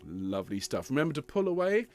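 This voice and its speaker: A man's voice: mid-range voice, very animated, fast talker. A man teaching a choir part, patiently explaining and singing short demonstration phrases with encouragement. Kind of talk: choir rehearsal tutorial. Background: piano accompaniment.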